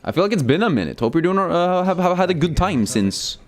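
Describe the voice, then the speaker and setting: A man's voice: high-pitched, very animated, fairly quick, soft background music. A young man streaming a game, chatting casually, joking and swearing while he reads chat aloud.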